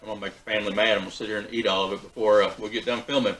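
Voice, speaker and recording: A man hosting a backyard barbecue vlog, talking in a relaxed, folksy way with fillers and restarts. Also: fairly low pitch, racing, poor audio. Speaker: backyard BBQ channel host. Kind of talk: casual cooking vlog.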